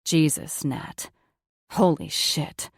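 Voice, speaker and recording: A powerful wealthy man, voiced by a woman narrating an audiobook, speaking in a hoarse, throaty tone that sits lower and pushes louder than the narration. His words come out shaky and strained. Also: slow pace, no echo, studio quality. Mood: husky, strained. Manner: shaky, breathless delivery. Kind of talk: audiobook character voice.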